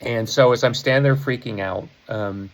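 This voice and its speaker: Talking to camera at a normal speed, this Chicago-area rock musician in his fifties shares a rambling story, chuckling and correcting himself as he goes. His medium-pitched voice comes through on poor audio.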